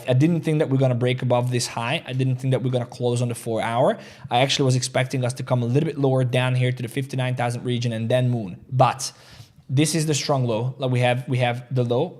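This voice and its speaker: A man's voice: medium pitch, darkish tone. A man hosting a casual crypto trading livestream, talking energetically and reading out chat comments. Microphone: desk mic, studio chair creaking.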